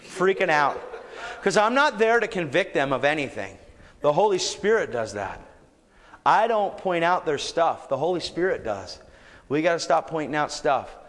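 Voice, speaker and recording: Male preacher, lively swooping delivery, recorded in a reverberant hall. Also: fairly high pitch, moderate pace. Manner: animated, building to shouts. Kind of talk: storytelling sermon.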